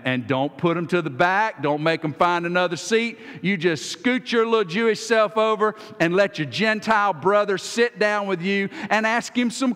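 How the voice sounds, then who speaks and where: A man's voice: on the high side, a bit bright, in a large hall. A man preaching a sermon as pastor in a church sanctuary, talking in a folksy, conversational way and acting out little exchanges. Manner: folksy, acts out little dialogues.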